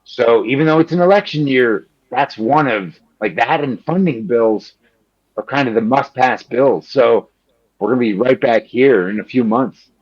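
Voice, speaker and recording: A male journalist from Chicago talking in a lively, quick, conversational rush, dropping "like" everywhere and slipping into voices when quoting people. The audio is a little muffled and lo-fi. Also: medium pitch, husky. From Chicago, Illinois. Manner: animated, quick, peppered with "like", acts out quoted politicians. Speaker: journalist guest. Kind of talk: conversational interview answers.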